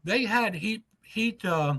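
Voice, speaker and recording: A man, an author guest on a podcast, telling a story with lively acted-out quotes. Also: high-pitched, takes it slowly, poor audio. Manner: animated anecdote teller, acts out quoted lines.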